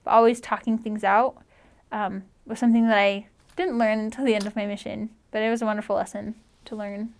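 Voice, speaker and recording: A woman's voice: medium pitch, level tone, fairly quick. A young woman in her twenties, a returned missionary, telling a personal story in a chatty, earnest way with lots of "like". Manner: chatty, heavy use of "like", earnest.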